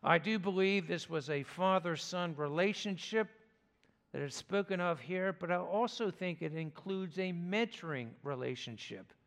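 A man preaching a sermon as pastor, speaking in a slow, measured way with deliberate pauses. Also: sits high, creaky, fairly bright tone. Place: church sanctuary. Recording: long reverb of a church hall.

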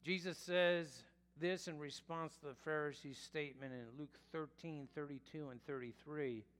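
A male pastor preaching a sermon in a slow, deliberate way, sometimes correcting himself mid-phrase. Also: on the high side, steady tone, fairly bright tone, smooth. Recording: long reverb of a church hall.

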